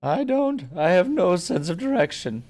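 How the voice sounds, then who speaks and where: A young man voicing a panicky old male cartoon superhero, with a shrill, quavering, frantic delivery far above his own low voice. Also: big pitch swings, normal speed, a little mellow. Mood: alarmed.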